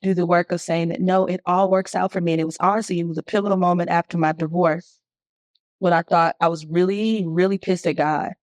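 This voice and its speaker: A middle-aged woman, a guest singer, talking candidly and telling her story with animated, emphatic bursts. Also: lowish voice, fairly quick, no room sound. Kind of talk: candid conversation.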